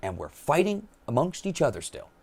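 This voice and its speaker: A man rants bluntly and profanely in a monologue, mocking people by quoting them. His pitch swings widely as he talks. His voice sits a little high. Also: wildly swooping pitch, moderate pace, darkish tone. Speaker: political commentator. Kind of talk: impassioned monologue.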